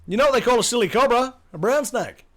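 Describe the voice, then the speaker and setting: A man's voice: very high-pitched, lively intonation, fast talker, a bit bright. An Australian man chatting casually on a live gaming stream, rambling, swearing freely and reading chat aloud.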